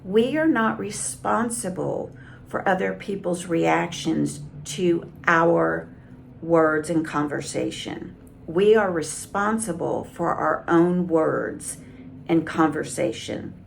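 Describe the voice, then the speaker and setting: A woman communication coach giving calm, measured advice straight to camera. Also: fairly low pitch, gravelly, a little hiss or hum. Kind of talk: direct-to-camera coaching talk.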